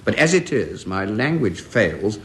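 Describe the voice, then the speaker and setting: A man hosting a radio panel quiz and reading verse aloud in a measured way, enjoying the quotations. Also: fairly low pitch, big pitch swings. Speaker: quiz host. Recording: faint hiss of an old radio tape. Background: studio audience laughter.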